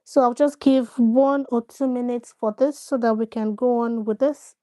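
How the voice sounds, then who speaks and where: A woman's voice: a little high, fairly even intonation, normal speed, few pauses, dark tone. A woman hosting a casual live stream, addressing her viewers directly, coaxing them to respond and often repeating herself.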